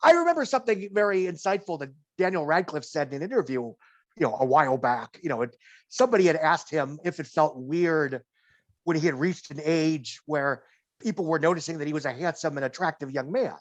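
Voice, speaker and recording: A man's voice: on the high side, expressive, fairly quick. A man co-hosting a podcast, giving a box office report in casual chat, wry and digressive, slipping dry jokes between figures.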